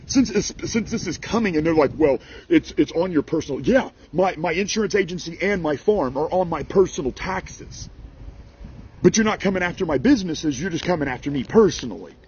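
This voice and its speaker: Man ranting, indignant and lively-pitched. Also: a little fast, breathy edge, muffled recording. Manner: heated, indignant, exasperated. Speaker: farmer and small business owner. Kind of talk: angry rant to camera.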